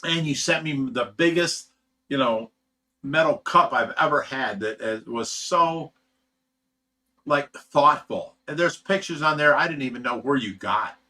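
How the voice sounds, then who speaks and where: A man's voice: a little high, measured pace, pushed and bright. Laid-back man hosting a casual livestream. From United States. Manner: laid-back, chuckles often, trails off with "you know". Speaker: livestream host reading chat. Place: fish rescue facility.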